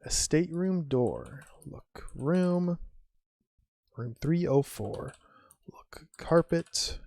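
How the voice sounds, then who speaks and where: An unhurried streamer talks through an old adventure game, reading each typed command and the game's replies aloud in a wry, musing way. The voice sits close and dry, with no room around it, and keyboard clicks come through now and then. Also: mid-range voice, expressive, gravelly, dark tone, no room sound. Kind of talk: casual gameplay commentary, reading game text aloud.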